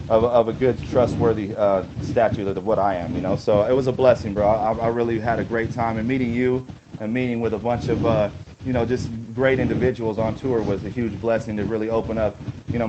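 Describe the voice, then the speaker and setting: Against a noisy background, a medium-pitched man being interviewed tells long, wandering stories in a casual way, plugging pauses with "you know." The recording is lo-fi and a bit dull.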